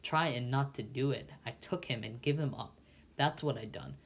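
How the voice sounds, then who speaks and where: A man reading aloud as a rough-spoken escaped convict, desperate and defiant, spitting scorn at his enemy. The voice sits at an ordinary middle pitch and is delivered in storybook style. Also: normal speed. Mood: fierce scorn. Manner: fierce, scornful.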